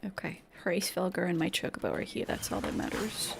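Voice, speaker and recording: A young woman gaming streamer chatting casually through her play, exclamatory and quick to laugh. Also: on the low side, very animated, vocal fry. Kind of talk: casual gameplay commentary.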